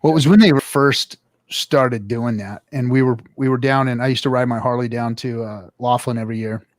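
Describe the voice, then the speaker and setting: A man's voice: medium pitch, steady tone, fairly quick, no echo. Profane rambling middle-aged man. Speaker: podcast host. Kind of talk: casual livestream chat.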